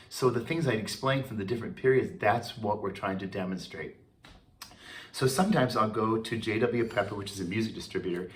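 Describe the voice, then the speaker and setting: Chatty choral conductor, man. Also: fairly low pitch. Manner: relaxed and chatty, with many fillers and restarts. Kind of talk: informal talk.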